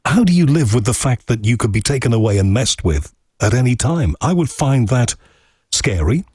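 A man hosting an interview asks long, probing, skeptical questions. His husky voice moves lively up and down in pitch. The sound is dry and close. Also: normal speed, no room sound. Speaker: interview host. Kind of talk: conversational interview.

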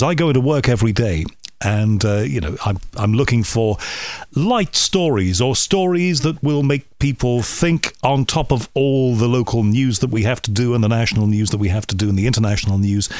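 A man hosting an interview, chatty and animated, his pitch jumping suddenly as he talks. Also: no room sound. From United Kingdom. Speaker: radio interviewer. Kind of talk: conversational interview.

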